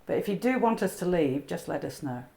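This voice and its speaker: A woman investigating a haunted building, asking soft, coaxing questions into the dark. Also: lowish voice, expressive, fairly quick, creaky, rough recording. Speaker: paranormal investigator. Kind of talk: hushed ghost-hunt narration. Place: dark old building indoors.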